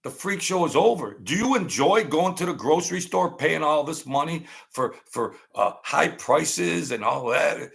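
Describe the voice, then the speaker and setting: A man's voice: a little high, expressive, measured pace, vocal fry, hardly any pauses, fairly bright tone. A man hosting his own channel, delivering combative, sarcastic political commentary and repeating lines for emphasis.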